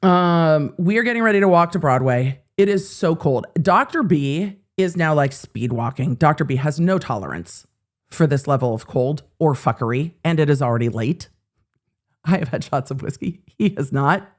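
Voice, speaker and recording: A woman in her forties hosting a show, telling a story in casual chat, animated, swearing freely and acting out the quotes. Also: low voice, normal speed. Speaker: host.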